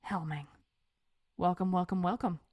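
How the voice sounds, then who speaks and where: A woman's voice: on the low side, fairly even intonation, normal speed, a little mellow. A woman co-hosting a podcast, reading the intro and then chatting casually with a playful tone. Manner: playful, laughs often. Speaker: podcast co-host.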